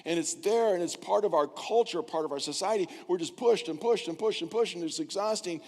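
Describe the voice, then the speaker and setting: An older man preaches a sermon in a church, his somewhat high voice trailing into a long hall reverb. He talks in a conversational way and slips into the voices of the people he quotes. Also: brisk, darkish tone. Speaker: pastor. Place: church sanctuary.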